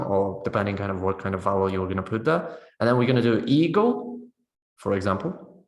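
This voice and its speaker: A man's voice: lowish voice, fairly quick, roomy sound. A man leading a teacher-training session on pronunciation, explaining step by step and often checking in with "right?". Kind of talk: webinar teaching demonstration.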